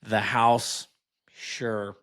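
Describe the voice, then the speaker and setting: This podcast host speaks very slowly in a lowish, fairly bright voice with little pitch movement. He reads items aloud on the show and adds mocking, sarcastic remarks in casual commentary.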